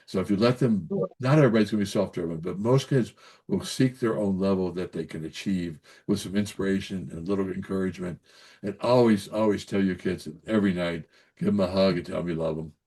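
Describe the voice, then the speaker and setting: A fast-talking older man with a low, dark voice and breathy edge, a pediatrician from Kentucky, gives folksy, emphatic advice as a guest in a casual interview. He repeats himself often, sprinkling in "so anyways" and checking in with "okay?".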